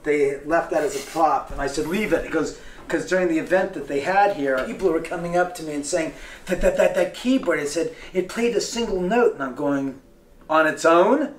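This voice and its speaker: A man guides guests through his house indoors, spinning animated stories and slipping into other people's voices. His voice sits a little high for a man, with faint ambient hum behind him. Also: fairly quick. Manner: lively, acts out quoted voices. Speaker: homeowner giving a house tour. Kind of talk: animated storytelling.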